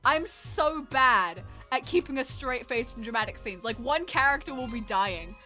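A woman streaming a game, giving casual, excitable, rambling commentary and swearing freely. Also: on the high side, normal speed, soft background music.

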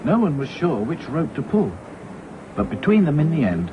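A man narrating a children's story in a lively, expressive way. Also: fairly high pitch, moderate pace, music in the background. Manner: lively, voices every character himself. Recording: slightly dull with faint hiss.

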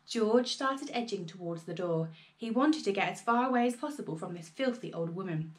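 A woman reading a children's storybook aloud in an expressive storytelling manner. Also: medium pitch, moderate pace.

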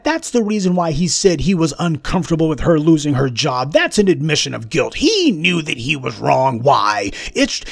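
Brief: man with a slightly high voice delivering a heated, sarcastic commentary, dry close sound. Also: dry recording. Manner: forceful, sarcastic, lecturing. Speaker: host. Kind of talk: political commentary monologue.

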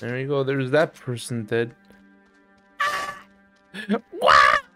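A male streamer swears and grumbles his way through a punishing shooter, often jumping into shouts. He talks at an unhurried pace in a middle-range voice, and faint music plays under him. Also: medium pitch, wildly swooping pitch. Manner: frustrated, swearing, yelling at the game. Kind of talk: casual gameplay commentary.

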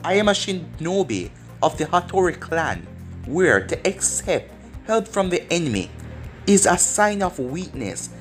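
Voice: mid-range voice, very animated, a little slow, soft background music. A storyteller voicing a proud, stubborn young female ninja while reading fan fiction aloud, in a plain reading voice. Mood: defiant.

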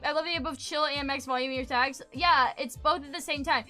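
Loud, bright-voiced young woman streamer. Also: high voice, steady tone, fast talker, hardly any pauses, soft background music. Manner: loud, hyper, swearing, sudden yells. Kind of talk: casual chat with viewers. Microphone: streaming desk mic.

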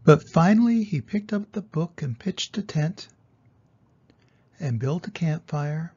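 Older man reading a kids' storybook, slow and gravelly, muffled lo-fi home recording. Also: fairly high pitch, animated, warm tone. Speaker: grandfather reading aloud. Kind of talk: children's storybook read-aloud.

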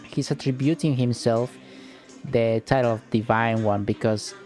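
A man's voice: mid-range voice, steady tone, a little slow, a little mellow, faint music behind. A man hosting a let's play, commenting casually and jokingly as he plays, with some swearing.

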